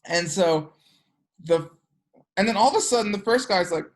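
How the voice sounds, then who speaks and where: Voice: expressive, moderate pace. Energy work teacher, casual class talk, filler-heavy, acts out characters. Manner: chatty, peppered with "like" and "you know"; acts out characters with sudden pitch jumps.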